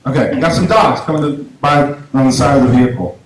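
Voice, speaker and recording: A man's voice: mid-range voice, fast talker. Rambling male comic in an echoey room. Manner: rambling, restarts often, acts out quotes in a raised voice. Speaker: stand-up comedian. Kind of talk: stand-up storytelling. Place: small comedy venue. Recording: very echoey room, faint noise.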